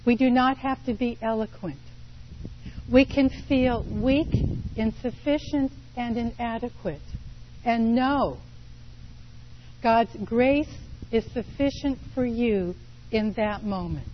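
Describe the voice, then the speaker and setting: Slow, deliberate woman preaching. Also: on the high side, highs cut off, slight background noise. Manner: slow, deliberate storytelling with pauses. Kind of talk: sermon.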